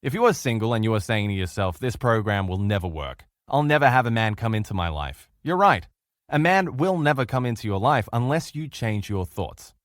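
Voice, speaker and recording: A man's voice: lowish voice, fairly quick, dry recording, clean studio sound. A man teaching a relationship course as a motivational lecture, telling stories and asking the listeners rhetorical questions. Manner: animated, storytelling with rhetorical questions.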